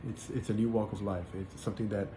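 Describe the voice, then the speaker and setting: Telling his personal faith story in a casual, spoken way, a man with a fairly low, level voice speaks earnestly but haltingly, with frequent fillers and repeated words. A roomy sound and faint hiss color the recording.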